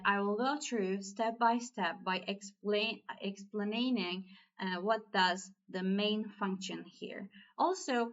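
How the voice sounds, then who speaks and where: A Turkish-accented woman, a native Turkish speaker, leads a language lesson at a very slow, deliberate pace. She walks through each point patiently, with non-native English phrasing. The audio sounds slightly dull and muffled. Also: medium pitch, a bit bright. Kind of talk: slow explanatory online lesson.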